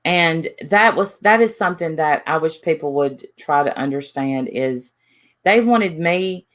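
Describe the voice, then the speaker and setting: A woman with a slightly low voice hosts a casual livestream chat. She talks in halting, looping phrases and stops to read names out from the chat. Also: expressive. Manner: halting, full of restarts, reads chat names. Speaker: livestream host.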